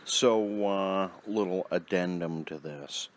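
A man's voice: low voice, slow, slight background noise. A man ranting bluntly in a profane monologue, recorded outdoors beside a road with cars passing. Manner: blunt, combative, swears constantly. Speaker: vlogger.

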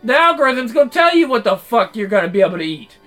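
Comic male commentator: crisp, forceful voice, foul-mouthed mocking rant, soft music under it. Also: extremely high pitch, big pitch swings, quick pace. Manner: loud, mocking, swearing constantly; shouts in bursts. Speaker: commentator reacting to a narrated clip. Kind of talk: profane comedic rant.

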